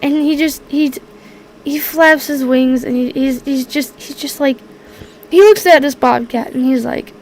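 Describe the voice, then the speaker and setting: A woman's voice: sits high, unhurried, a little hiss or hum, rough recording. A woman narrating as game master in a tabletop game, hesitant, often searching for words.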